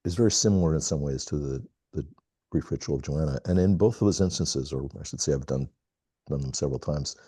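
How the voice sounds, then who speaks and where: A middle-aged man on a video call, telling a personal story in a halting, reflective way with many pauses. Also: rumbling low, warm tone, husky, dry recording. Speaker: call participant. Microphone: video call mic.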